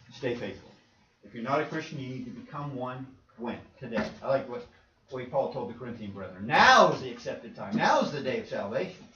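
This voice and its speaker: A man's voice: mid-range voice, slight background noise. A man preaching an earnest, plain-spoken sermon to his congregation in a church, calling them "folks". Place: church sanctuary. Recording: roomy, distant, muffled church recording.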